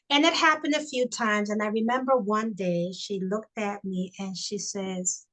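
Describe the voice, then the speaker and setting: A middle-aged woman speaking in an earnest, reflective way on a video call. She tells a personal story in a conversational webinar, often pausing and restarting her sentences. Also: medium pitch, rough recording. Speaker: guest, bereaved mother and institute founder.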